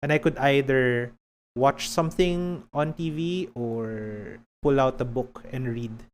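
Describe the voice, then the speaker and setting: A man's voice: mid-range voice, takes it slowly, a little hiss or hum. A man with a Filipino accent chatting casually while streaming a game, rambling and laughing often.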